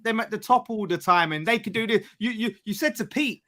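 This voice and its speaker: A man's voice: high voice, a little fast, crowd noise. A man on a football podcast teasing the others in casual banter. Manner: teasing, needling. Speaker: podcast panelist.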